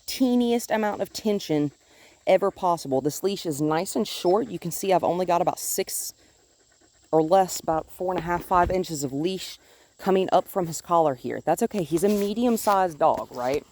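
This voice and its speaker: A woman dog trainer with a somewhat low voice explains her method calmly and patiently. She is outdoors, filming on a phone in one hand. Her talk is plain and instructive. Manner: calm, explanatory, talks to the dog in a high sing-song voice. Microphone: phone held in one hand while filming.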